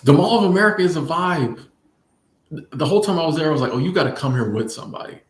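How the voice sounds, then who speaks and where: Speaking fast in a slightly high voice, a livestreamer relaxes into playful replies to his chat, with his words bouncing around an echoey room. He tends to say the same phrases more than once.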